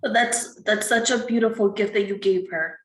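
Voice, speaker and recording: A woman interviewer speaking gently and reassuringly over a video call. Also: medium pitch, fairly even intonation, moderate pace, roomy sound, poor audio. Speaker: interviewer, host. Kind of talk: supportive interview.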